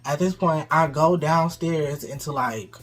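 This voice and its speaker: A man's voice: fairly high pitch, a little slow, soft background music. A man casually telling a dramatic story to his co-host. He swears freely, acts out what people said and laughs often. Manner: animated, profane, acts out quotes, laughs often.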